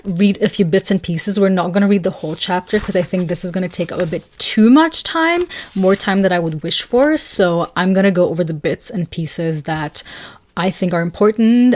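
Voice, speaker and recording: A woman hosting a casual solo talk, chatty and informal, reading aloud from a book at times. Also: on the low side. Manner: chatty and informal, with laughs, fillers and self-corrections. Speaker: astrology channel host.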